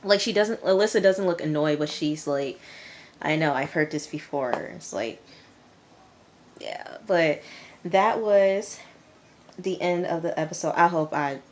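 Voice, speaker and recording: A woman's voice: lowish voice, unhurried, pauses often, a little hiss or hum. A young woman reviewing a TV episode for her viewers, chatty and candid, addressing them as y'all. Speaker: TV review vlogger. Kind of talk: casual chat to viewers.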